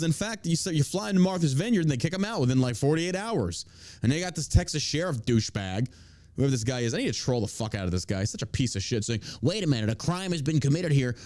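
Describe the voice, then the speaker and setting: A man's voice: a little high, darkish tone, no echo. A man hosting a show, delivering profane, combative and mocking political commentary. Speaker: podcast host.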